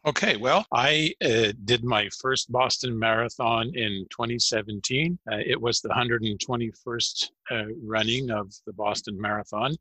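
A man being interviewed, talking casually with frequent fillers and pauses. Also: mid-range voice, sharp tone, no room sound, rough recording. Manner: hesitant, many fillers. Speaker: interview guest, marathon runner. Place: lives in a large Canadian city.

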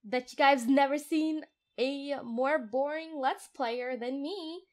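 A young woman narrates her own survival game from a home desk microphone, her voice sitting high and bright. She is jittery and easily startled, giggling and making fun of herself between frights. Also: slow pace. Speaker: gamer playing a survival game. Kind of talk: casual let's play commentary. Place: room at home.

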